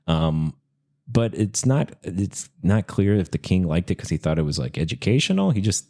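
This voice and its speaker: A man's voice: deep voice, sing-song, moderate pace, gravelly, a little mellow. A man co-hosting a podcast, telling a history story in casual chat with many fillers and restarts. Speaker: podcast co-host.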